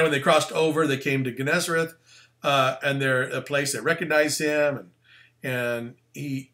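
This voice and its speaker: A man with a slightly high, bright voice that moves freely up and down gives a casual sermon. He is animated and conversational, using plain slang and frequently stopping for asides.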